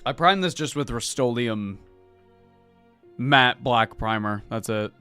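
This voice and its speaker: A man's voice: mid-range voice, slow pace, sharp tone, clean tone, faint music behind. A man streaming his miniature painting, chatting casually and rambling about paints with a loose, sweary way of talking. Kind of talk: casual hobby chat while painting.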